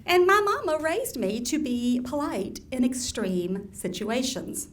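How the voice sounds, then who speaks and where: A woman's voice: high voice, a little slow. Wry woman reading aloud. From Alabama, US Southern. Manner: wry deadpan delivery with laughing asides. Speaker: author. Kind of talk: reading from her own book at a live event. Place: event room with audience.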